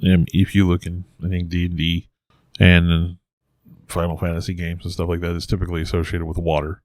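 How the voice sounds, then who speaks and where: Low-voiced man chatting, hesitant. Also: monotone, fairly quick, a little mellow, dry recording. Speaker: podcast co-host. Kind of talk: casual podcast discussion.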